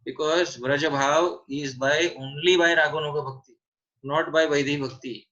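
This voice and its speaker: Man, seminar teacher, emphatic, repeats key points, bright edge, dull lo-fi online audio. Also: on the high side, steady tone, moderate pace. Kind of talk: scripture seminar answering questions.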